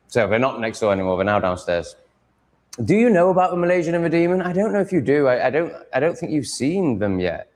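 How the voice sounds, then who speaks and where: Low-voiced male vlogger, home setting, foul-mouthed and exasperated, rambling casual monologue. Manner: sweary, exasperated ranting. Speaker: vlogger setting up a live stream.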